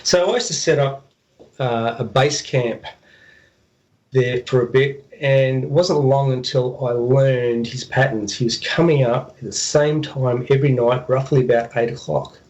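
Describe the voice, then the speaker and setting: A man telling a story as a radio guest. His voice is animated and lively. He stumbles over words and acts out the booming sounds. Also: unhurried, rough recording. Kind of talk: casual storytelling.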